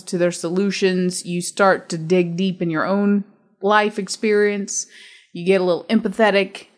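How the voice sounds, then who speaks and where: Woman co-host, casual movie chat, talkative, laughs easily. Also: mid-range voice. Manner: chatty, laughs often, thinks aloud. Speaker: podcast co-host.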